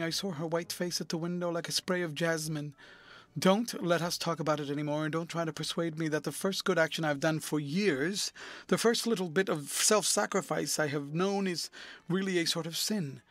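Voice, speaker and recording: A man reading the part of an earnest, troubled young gentleman with a pleading delivery. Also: a little high, no room sound.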